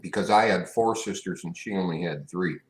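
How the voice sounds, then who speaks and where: Very deep-voiced man chiming in. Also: a little fast. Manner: short reactions, chimes in. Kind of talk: casual chat.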